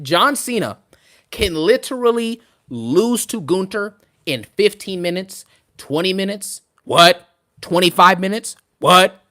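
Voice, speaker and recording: A young man ranting casually on a live stream about wrestling, fast and animated, full of slang and fillers. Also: high voice.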